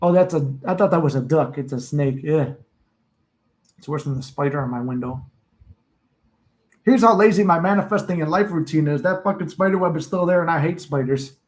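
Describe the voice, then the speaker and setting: A man's voice: on the high side, brisk, poor audio. A young man, a manifestation coach, chatting casually and profanely on a live stream from his home office, rambling and laughing often.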